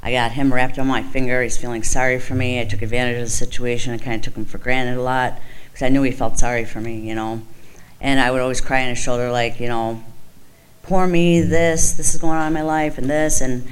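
A woman's voice: a bass voice, level tone, quick pace, clean tone, rough recording. A woman telling her own recovery story in a frank, conversational way, with lots of "you know" and "like". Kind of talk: candid personal testimony.

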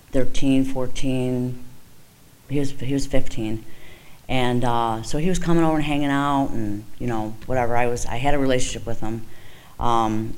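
A woman's voice: rumbling low, rough recording. A woman telling her own recovery story in a frank, conversational way, with lots of "you know" and "like". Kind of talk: candid personal testimony.

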